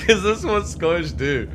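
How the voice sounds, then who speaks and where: A man's voice: mid-range voice, background noise. Chatty joking male game streamer. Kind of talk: casual live-stream chat.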